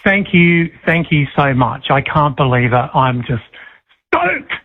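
A middle-aged man on a phone call to a radio show, eager and excited. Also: mid-range voice, measured pace. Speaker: caller, prize winner. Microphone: phone line.

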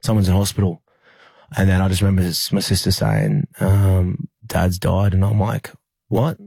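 A young Australian man, a rugby league player, telling a personal story in an interview, halting with many fillers and restarts. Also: low-pitched, flat delivery, vocal fry, dark tone, slightly rough, dry recording.

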